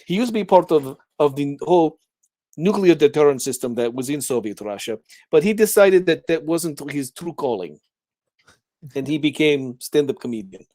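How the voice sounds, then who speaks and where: A playful male co-host chatting on a livestream, his slightly high voice swooping up and down with lively energy. The sound is close and dry, with no room around it. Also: moderate pace, no room sound. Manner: animated, playful, prone to silly voices. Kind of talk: casual livestream chat.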